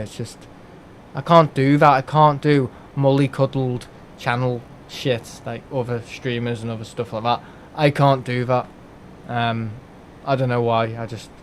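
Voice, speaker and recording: Male streamer, blunt, jokey, swears a lot, mid-pitched. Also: slight background noise. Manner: blunt, rambling, joking, swears freely. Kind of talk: live game stream chat.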